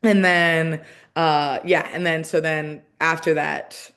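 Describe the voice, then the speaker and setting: A woman's voice: low-pitched, flat delivery, takes it slowly, fairly bright tone, clean tone. A woman in her thirties in a casual interview, talking in a chatty way with lots of "like" and restarts. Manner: chatty, heavy use of "like", frequent restarts. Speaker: guest, professional soccer player.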